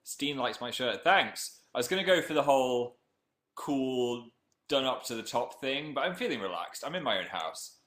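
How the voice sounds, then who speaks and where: A man's voice: medium pitch, normal speed. Playful young man hosting a home webcam stream. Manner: playful, jokey, bursts of excited greetings. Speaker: livestream host. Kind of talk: casual livestream chat, reading viewer comments. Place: at home, indoors.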